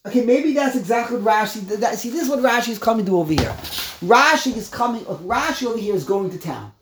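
A man teaching a text study class, explaining word by word, animated and emphatic, often repeating himself. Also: extremely high pitch, quick pace, echoey room, slight background noise. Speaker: Torah teacher.

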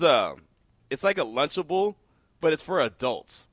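A man's voice: fairly high pitch, normal speed, no room sound, studio quality. A man hosting sports talk radio, telling stories while fighting a tickle in his throat, his eyes watering. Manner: lively, storytelling, talks through a tickle in his throat. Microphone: studio mic.

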